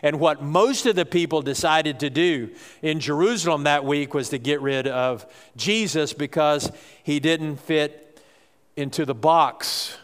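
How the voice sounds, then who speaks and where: A man's voice: a little high, a little slow, long reverb tail. A man preaching a sermon as pastor, talking in a conversational way that sometimes builds to raised emphasis.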